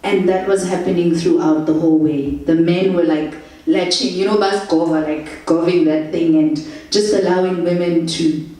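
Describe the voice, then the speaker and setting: Brief: woman, young, animated storyteller, low mellow voice, distant echoey recording. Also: moderate pace. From South Africa. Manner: animated, laughs through anecdotes, acts out quotes. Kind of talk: casual travel storytelling. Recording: echoey room, distant mic.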